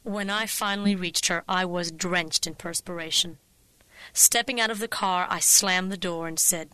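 A woman narrating a comic personal story with a wry, vivid, expressive delivery on a close studio mic. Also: fairly low pitch, normal speed, no room sound, poor audio.

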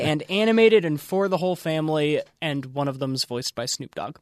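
Upbeat higher-voiced male film reviewer. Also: expressive, a little fast, no room sound. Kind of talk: casual entertainment news chat.

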